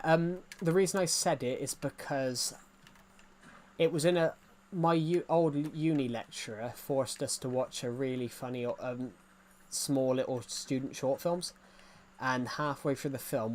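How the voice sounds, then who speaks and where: A man's voice: mid-range voice, steady tone, measured pace, darkish tone. Chatty young English man streaming. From England. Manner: rambling, chatty, many restarts and fillers. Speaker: gaming streamer. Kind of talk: casual live-stream chat.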